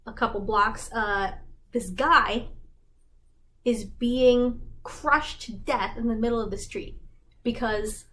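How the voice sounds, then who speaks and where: A woman with a somewhat high voice retells a story in a casual, slangy way. She talks in a loose, chatty stream full of likes. The room is quiet, with a faint hum behind her. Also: rough recording. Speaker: fandom explainer host. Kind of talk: casual plot summary.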